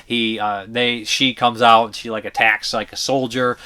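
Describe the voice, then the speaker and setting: A man's voice: mid-range voice, little pitch movement, normal speed, bright, forceful tone, smooth. A man giving blunt, profane, rambling movie reviews in a casual vlog, full of fillers and restarts. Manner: blunt opinionated talk.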